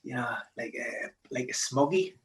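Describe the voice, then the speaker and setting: A man with a Geordie accent chatting casually as a podcast co-host, animated and joking. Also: mid-range voice, normal speed, reverberant. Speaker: podcast co-host, football pundit.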